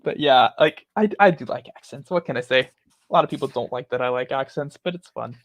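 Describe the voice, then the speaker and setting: A man's voice: mid-range voice, fairly quick, no echo. A rambling, chatty man hosting a casual talk stream, laughing often. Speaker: host. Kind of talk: casual chat.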